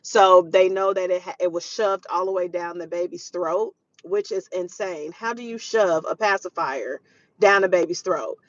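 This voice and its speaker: A woman's voice: on the low side, normal speed, no room sound. A woman hosting a live parenting show, chatting to viewers, retelling a news story and quoting scripture. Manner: chatty, preachy, quotes scripture, greets viewers mid-story. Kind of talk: live-stream commentary. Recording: dull lo-fi stream audio.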